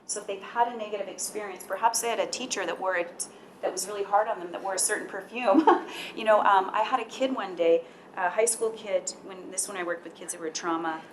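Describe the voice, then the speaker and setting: A woman who works as a school counselor, giving parents calm, measured advice. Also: medium pitch, noisy background. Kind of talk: presenting at a parent talk.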